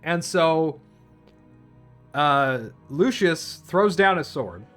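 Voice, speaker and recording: Guy with a kinda high voice ranting about a movie plot, swears a lot, keeps restarting his sentences, soft music in the back. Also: animated, very slow. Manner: rambling, profane, with many restarts. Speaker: film reviewer. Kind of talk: casual ranting film recap.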